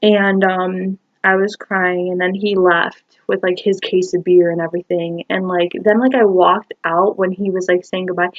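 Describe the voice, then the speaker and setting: A woman's voice: medium pitch, moderate pace, few pauses, dry recording. 20s woman vlogging her story into her phone, rambly and emotional, lots of "like", dull dry sound. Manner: rambling, emotional, full of "like" and "you know". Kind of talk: personal storytelling to camera.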